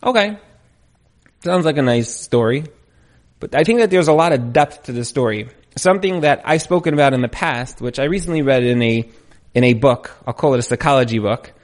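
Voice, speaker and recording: A man teaching an informal Torah class, retelling a story in a conversational, storytelling way. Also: medium pitch. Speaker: Torah lecturer.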